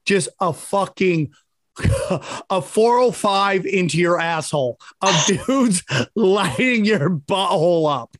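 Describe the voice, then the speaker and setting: A man's voice: high voice, expressive, slow, no echo, clean studio sound. A man co-hosting a podcast, trading crude, teasing banter and laughing at his own jokes. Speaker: podcast co-host.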